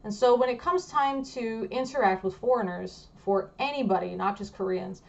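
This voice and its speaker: A woman's voice: mid-range voice, normal speed, creaky, muffled recording. A woman vlogger explaining things in a casual, rambling way, full of fillers and restarts.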